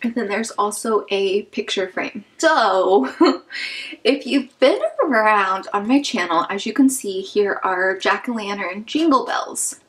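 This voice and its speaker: A woman's voice: mid-range voice, lively intonation, slow pace, fairly bright tone, poor audio. A young woman from Kansas hosting a casual vlog, opening fan mail, gushing and emotional, with many "like" fillers. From Wichita, Kansas. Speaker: YouTube channel host.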